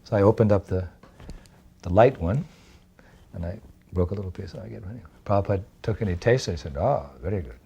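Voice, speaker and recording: A man's voice: on the low side, fast talker, creaky, pauses often, dark tone, husky, lo-fi sound. An older man telling personal devotional memories in a reflective storytelling way, laughing now and then. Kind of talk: storytelling memoir.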